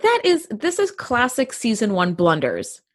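A woman's voice: fairly high pitch, huge pitch swings, measured pace. A woman co-hosting a casual podcast chat, telling stories expressively and acting out quotes with exasperated humor. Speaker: podcast co-host.

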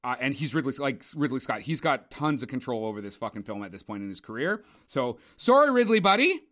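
A man's voice: mid-range voice, lively intonation, quick pace, fairly bright tone. A young man co-hosting a podcast, giving a casual, opinionated and profane movie review full of rambling asides. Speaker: podcast co-host, film reviewer.

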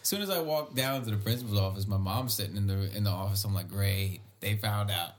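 A man's voice: fairly low pitch, fast talker, a little hiss or hum. A young man on a podcast, telling a story in casual chat and laughing often as he goes. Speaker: podcast co-host.

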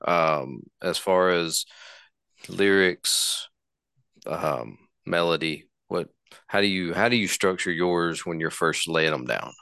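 Man, very deep voice, lively pitch, halting, podcast host, dry sound. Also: creaky, smooth, no room sound. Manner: halting, searching for words. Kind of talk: interview questions.

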